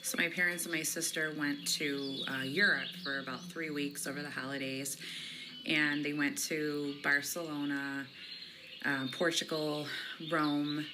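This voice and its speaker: Low-voiced chatty woman. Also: level tone, a little slow. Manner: chatty, many fillers, laughs. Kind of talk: casual storytelling. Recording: noisy recording.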